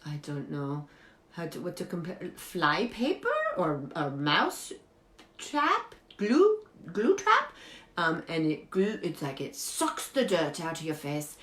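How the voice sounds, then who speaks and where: A woman playing an eccentric woman who gives absurd beauty tips, talking earnestly and deadpan in broken English. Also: fairly low pitch, slow pace, full character voice. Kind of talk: improvised comedy character monologue. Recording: echoey room.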